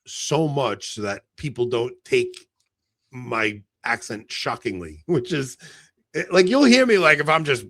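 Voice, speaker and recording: A man with a New York accent co-hosting a podcast, talking in an animated, excitable way and swearing freely. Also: mid-range voice, no room sound. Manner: animated, excitable, cursing, quick laughs. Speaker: podcast co-host. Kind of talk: casual podcast chat.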